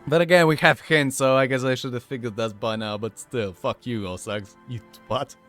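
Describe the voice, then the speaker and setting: A young British man streaming a game, animated and sweary, laughing often. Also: mid-range voice, a little fast, faint music behind. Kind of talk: casual let's-play commentary.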